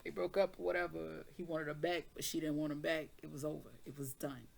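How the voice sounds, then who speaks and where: A woman with a slightly low voice, reading tarot cards and then telling a story in loose, slangy speech. She switches into animated storytelling, acting out both sides of the conversation. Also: brisk, vocal fry. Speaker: tarot reader.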